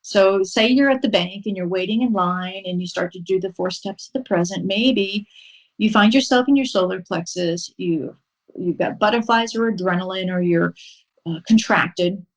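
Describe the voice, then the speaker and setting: A woman guest on a podcast interview, calmly and patiently explaining a mindfulness practice step by step, pausing now and then with an um. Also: mid-range voice, poor audio. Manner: calm, instructive, unhurried with frequent um pauses. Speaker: podcast guest, horse-assisted wellness coach.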